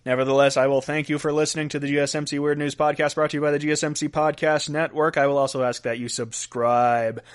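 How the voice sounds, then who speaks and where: A man's voice: on the high side, little pitch movement, fast, hardly any pauses, clean tone. A man hosting a solo weird-news podcast, counting down a list and laughing at his own asides. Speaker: podcast host.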